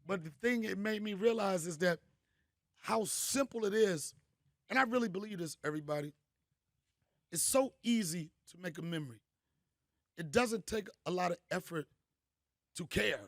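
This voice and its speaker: A middle-aged man, a comedian host, telling stories in a punchy, animated way. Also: high voice, moderate pace, long pauses, no echo, clean studio sound. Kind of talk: storytelling monologue.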